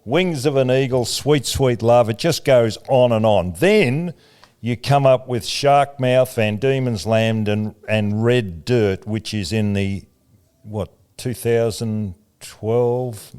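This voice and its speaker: Man, podcast co-host, meandering questions, smooth resonant voice. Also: mid-range voice, slow pace, a little mellow. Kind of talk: casual interview chat.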